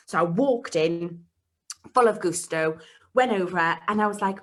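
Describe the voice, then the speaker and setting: A young woman with a slightly low voice tells a funny story as a podcast co-host. She stays animated throughout and slips into quick impressions of the people she quotes. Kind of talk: casual storytelling chat. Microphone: home mic, live streamed call.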